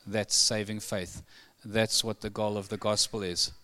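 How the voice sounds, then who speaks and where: A man preaching a sermon, building to fervent emphasis and then settling into quiet earnestness. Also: fairly low pitch, flat delivery, a little slow. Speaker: pastor. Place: church hall.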